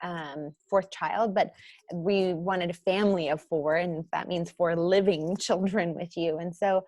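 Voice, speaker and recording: A woman in her thirties, a podcast guest and author, telling her story candidly with lots of "um" and "like", getting animated as she acts out what people said. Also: a little slow, no echo. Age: 30s. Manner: chatty, frequent fillers like "um" and "like"; animated when acting out quotes, jumps high and loud.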